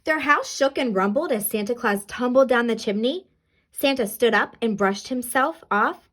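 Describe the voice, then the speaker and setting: With a fairly high-pitched voice and moderate pacing, a woman brings a children's storybook to life, reading it aloud with lots of animation and expression.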